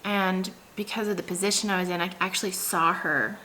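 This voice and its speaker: A woman's voice: fairly low pitch, fairly even intonation, a little fast, sharp tone, slight background noise. A woman in her thirties, a vlogger, telling a story in a chatty, casual way with lots of fillers and laughs.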